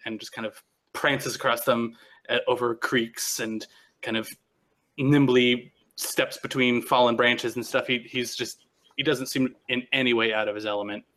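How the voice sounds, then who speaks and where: Halting, bright-voiced man running a game. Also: medium pitch. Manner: relaxed, halting, many restarts. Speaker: game master. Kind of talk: narrating a tabletop game.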